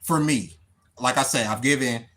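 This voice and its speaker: A man's voice: mid-range voice, normal speed, a bit bright. A man from the United States talking off the cuff on a livestream, emphatic, swearing constantly and repeating himself. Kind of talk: unscripted livestream monologue.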